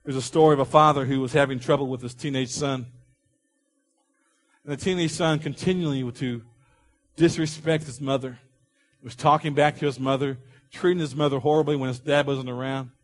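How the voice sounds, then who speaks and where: A man preaching a sermon, telling a story and dropping his voice low for quoted dialogue. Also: fairly even intonation, brisk. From Oklahoma. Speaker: pastor.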